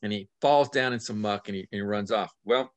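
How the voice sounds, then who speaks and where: A middle-aged man, an author, telling a story in an animated way, swinging between loud and soft as he acts out the scenes. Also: lowish voice, fairly quick. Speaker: author guest.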